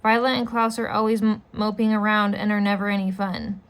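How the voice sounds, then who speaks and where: A woman reading the complaining lines of a loud, spoiled boy from a storybook. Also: medium pitch, level tone, brisk, natural voice.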